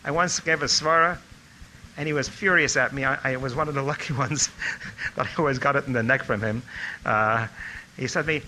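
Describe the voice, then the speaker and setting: Over a low-quality recording with a faint hiss or hum, an older man speaks briskly in a mid-range voice. He's a former student giving a tribute talk, telling stories about his former teacher and growing animated when he quotes others.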